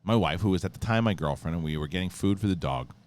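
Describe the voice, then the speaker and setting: A middle-aged man hosting a casual chat, telling animated stories with frequent swearing and laughter. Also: deep voice, fast talker, a little hiss or hum. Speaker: podcast host.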